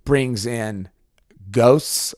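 A man co-hosting a podcast in casual chat, retelling scenes with animated energy and dropping into silly high voices. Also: extremely slow, no room sound, studio quality. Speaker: podcast co-host.

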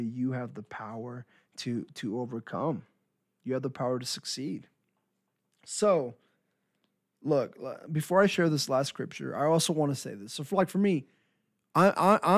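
Male minister, mid-pitched, earnest and encouraging devotional delivery, dry sound. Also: a little mellow, dry recording. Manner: earnest, encouraging, repeats phrases for emphasis. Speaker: Christian minister. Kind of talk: devotional podcast talk.

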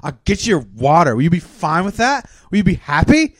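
A man's voice: sing-song, normal speed, dry recording, clean studio sound, lightly acted. A man voicing an irritable male camel jail guard who rants in exasperation. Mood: exasperated ranting. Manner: exasperated, ranting, rising to shrill.

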